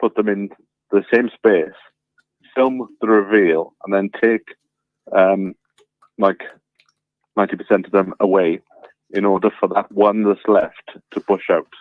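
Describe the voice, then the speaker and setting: A man calling in by phone, telling a story in a relaxed way with many fillers, over a tinny phone line. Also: on the low side, measured pace, pauses often, no room sound. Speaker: caller. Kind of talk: casual phone chat.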